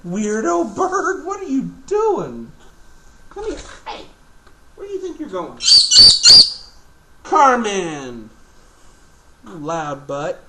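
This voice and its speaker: A man's voice: sits high, wildly swooping pitch, slow pace, pauses often, fairly bright tone, a little hiss or hum. A man filming a casual home video, chatting to his pet birds in a sing-song baby-talk voice.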